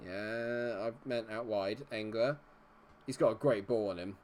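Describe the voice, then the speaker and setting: A man commentating live on his football management game, chatty and reacting loudly to the plays. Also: lowish voice, measured pace.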